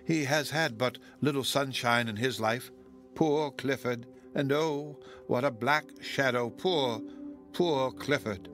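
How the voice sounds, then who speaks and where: A man voicing an agitated, tearful old gentlewoman who pleads in trembling, urgent, hushed tones. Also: mid-range voice, slow pace, faint music behind.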